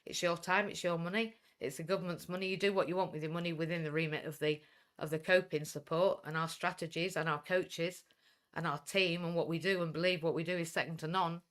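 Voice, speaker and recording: A woman's voice: lowish voice, fairly even intonation, brisk. Blunt, outspoken woman with a Welsh English lilt. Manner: blunt, outspoken, swears when fired up. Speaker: coaching business owner. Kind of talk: livestream talk.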